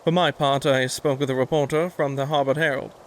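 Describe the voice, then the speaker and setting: A man reading as a calm young scholar. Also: medium pitch, a little fast, slight background noise, natural voice. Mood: earnest. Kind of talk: reading game dialogue aloud.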